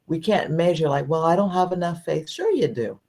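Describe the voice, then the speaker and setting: A woman with a very deep, gravelly voice muses thoughtfully in a casual faith podcast chat. She talks loosely, with many fillers. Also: expressive, fairly quick, a little mellow. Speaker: podcast co-host.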